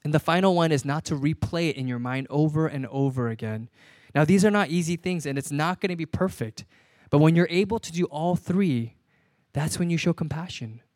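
Pastor, man in his thirties, easygoing sermon delivery with repeated key lines, slightly high voice, dry sound. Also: a little fast, darkish tone, dry recording.

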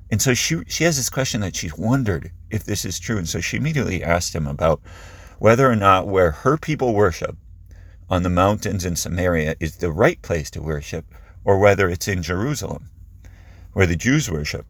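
Deep-voiced husky man retelling scripture. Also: lively intonation, moderate pace, no echo. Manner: conversational, vivid storytelling with restarts. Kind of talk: sermon retelling a Bible story.

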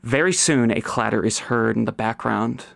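A man's voice: mid-range voice, moderate pace, vocal fry, fairly bright tone, no echo, clean studio sound. A man running a tabletop game, narrating the scene dramatically for the players. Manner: dramatic storytelling, dropping to whispers. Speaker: game master.

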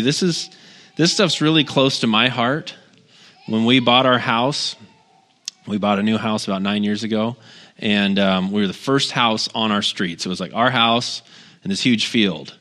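With a medium-pitched, sharp-toned voice at a moderate pace, a middle-aged pastor preaches conversationally, weaving in personal stories, wry humor, and many asides.

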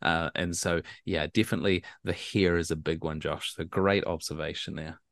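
A man co-hosting a casual podcast, talking with loose, rambling sentences and animated pitch jumps when he quotes people. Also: moderate pace, dry recording. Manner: many fillers and restarts, rambling. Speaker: podcast co-host.

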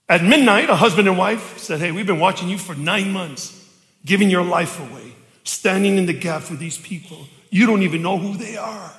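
Middle-aged guy pastor preaching, high bright voice, acts out all the dialogue, big echoey church hall. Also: moderate pace. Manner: animated storytelling, acting out dialogue, shouting for emphasis. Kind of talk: storytelling sermon. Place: church sanctuary.

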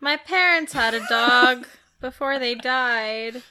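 A woman playing in a casual tabletop game, hesitant and deadpan. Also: a little high, takes it slowly. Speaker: player.

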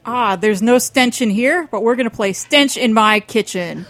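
A woman's voice: fairly high pitch, normal speed, fairly bright tone. A woman from a band, guesting on a radio show with brief, dry quips. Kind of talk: casual chat.

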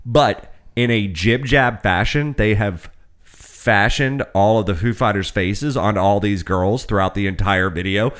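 Young guy, low voice, casual podcast banter, rambling and profane. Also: a little slow, a bit bright. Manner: rambling, profane storytelling with frequent fillers. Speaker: podcast co-host. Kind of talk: casual chat.

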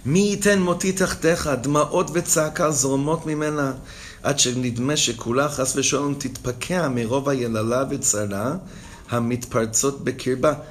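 Expressive man teaching a Torah class. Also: normal speed, a little hiss or hum. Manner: reads Hebrew text, then translates and explains with emotion; expressive, rises in pitch and volume when stirred. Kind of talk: text-based Torah class.

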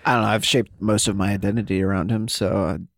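A man's voice: on the low side, fairly even intonation, fast, gravelly, dry recording, studio quality. A man co-hosting a podcast, talking in joking, rambling banter. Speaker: podcast co-host. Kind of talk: casual chat.

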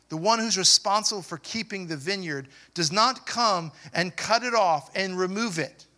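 A man preaching a sermon as pastor, asking the congregation questions and building to loud, emphatic passages. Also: high voice.

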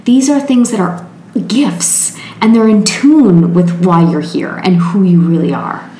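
A woman's voice: medium pitch, a little slow, warm tone. A woman speaks in a reflective, teaching manner about inner growth, her voice sitting in the middle of the usual range. The room around her is echoey, and faint noise stays underneath. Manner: reflective, self-help teaching tone. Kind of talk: casual spiritual chat.

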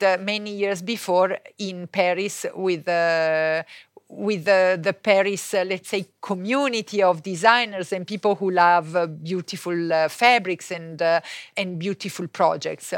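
A woman from Italy, co-owner of a fabric company, answers podcast interview questions as a guest in Italian-accented, non-native English. She speaks hesitantly in a mid-range voice, with many pauses and fillers, in clean studio-quality audio with no room sound.

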